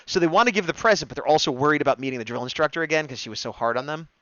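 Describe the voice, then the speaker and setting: A man co-hosting a fan discussion show, excitedly rambling through an episode recap and acting out quoted lines. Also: a little high, rapid-fire, no room sound. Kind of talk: casual recap chat, livestream. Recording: dull, dry, lo-fi stream mic.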